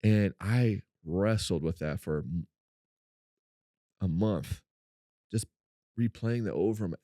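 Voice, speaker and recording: A man co-hosting a faith-based podcast, telling a personal story in an animated way and acting out what people said. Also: slow, long pauses, no echo, studio quality. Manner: animated storyteller, acts out quotes in a high voice. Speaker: podcast co-host.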